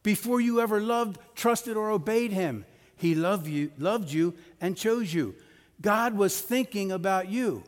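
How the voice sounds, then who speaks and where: High-voiced pastor preaching in a reverberant church. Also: male voice, lively intonation, measured pace. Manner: conversational preaching with personal stories and jokes. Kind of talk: sermon. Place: church sanctuary. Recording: long hall reverb of a church.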